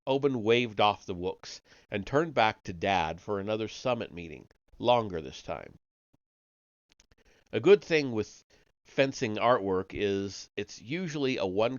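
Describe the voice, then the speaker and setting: A low-voiced man reads a science-fiction story aloud on a live stream, relaxed and conversational, fixing his slips as he goes. The recording is dry and a little muffled, with no room sound. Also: no room sound. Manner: casual first-person reading with slips and restarts. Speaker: host reading stories aloud.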